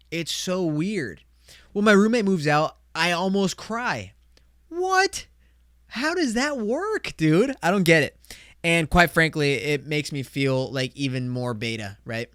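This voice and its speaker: A man's voice: on the high side, a bit bright, clear, resonant tone, dry recording, clean studio sound. A young man hosting his own podcast, rambling and swearing in a casual rant that swings between fired-up bursts and mumbled asides. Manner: rambling, profane, heavy on "like" and "dude". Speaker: podcast host. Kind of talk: solo podcast chat.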